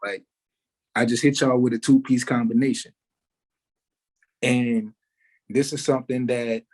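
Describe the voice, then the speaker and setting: A man, a musician giving an interview, talking in a relaxed way with many fillers like "like" and "you know". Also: medium pitch, rough recording. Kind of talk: casual interview talk.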